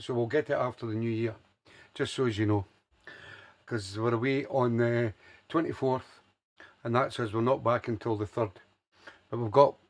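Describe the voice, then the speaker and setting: An older man hosting a soul music radio show, chatting casually, passing on messages and announcing records and dedications. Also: mid-range voice.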